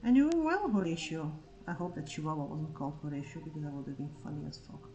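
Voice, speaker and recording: A woman livestreaming while drawing, telling a sarcastic, swear-filled story in a casual, animated way. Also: deep voice, quick pace, rough recording. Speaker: livestreaming artist.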